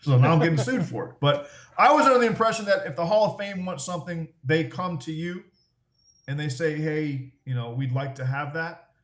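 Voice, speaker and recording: A man's voice: on the high side, a little fast, echoey room. A middle-aged former ballplayer telling stories as a podcast guest, swearing freely and laughing as he talks. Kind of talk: casual storytelling, profane.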